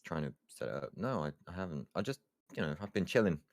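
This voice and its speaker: Very deep-voiced man, chatty and laid-back. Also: sing-song, fast talker, dry recording. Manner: laid-back, laughs often, trails off with fillers. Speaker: streamer and talk show co-host. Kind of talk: casual chat.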